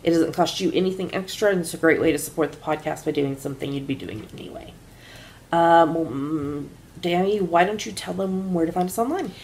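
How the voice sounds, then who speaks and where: A woman co-hosting a podcast in casual chat, relaxed and chatty, filling her pauses with "um". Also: lowish voice, a little hiss or hum. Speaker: podcast co-host.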